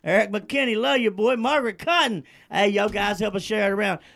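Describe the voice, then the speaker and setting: A man's voice: sits high, brisk, vocal fry, no echo. Hyped-up man hosting a show. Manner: hyped-up, gives loud shout-outs to viewers. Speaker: show host. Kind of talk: casual live-show chat.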